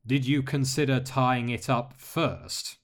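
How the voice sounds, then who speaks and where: A man playing a calm, wry masked lord. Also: medium pitch, natural voice. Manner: measured and polite, dry humor.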